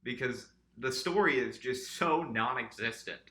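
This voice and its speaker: A man's voice: mid-range voice, unhurried, pushed and bright, roomy sound. A man co-hosting a podcast, casually and sarcastically picking apart a movie with jokes and swearing. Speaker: podcast co-host. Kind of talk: casual movie review chat.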